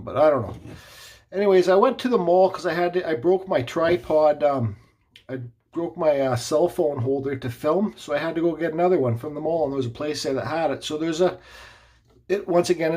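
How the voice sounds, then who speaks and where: A husky man with a fairly high voice tells a story in a relaxed, rambling way. He restarts his sentences and adds little asides as he goes, chatting to his viewers like a woodcarving vlogger. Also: fairly quick. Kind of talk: casual storytelling vlog.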